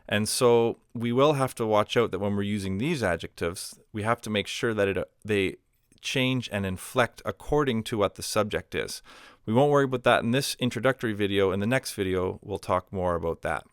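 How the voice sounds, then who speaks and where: A man calmly teaching a recorded grammar lesson, explaining step by step with example phrases and a few ums and uhs. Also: fairly low pitch, a little fast, clean tone, no echo, studio quality. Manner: patient explaining with spoken examples, fillers like um and uh. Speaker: language teacher.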